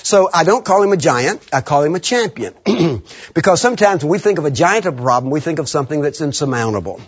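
Man, preacher, sermon, high husky voice, animated call-and-response, muffled lo-fi recording. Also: fast talker.

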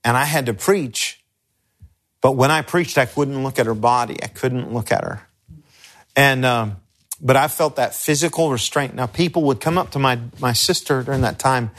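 A middle-aged man, a pastor, teaching crisis care in an earnest, halting, conversational way with personal stories. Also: mid-range voice, fairly bright tone. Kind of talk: instructional talk with personal stories.

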